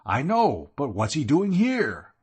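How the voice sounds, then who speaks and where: A man voicing a blustering older gentleman who speaks in an indignant way. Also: a little high, huge pitch swings, takes it slowly, slightly rough, voice pushed up, heavily acted.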